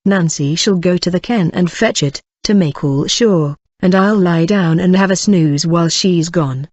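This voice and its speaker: An audiobook reader voicing a surly, bitter male robber who growls his words slowly and heavily. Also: mid-range voice, darkish tone, no room sound, lo-fi sound, natural voice.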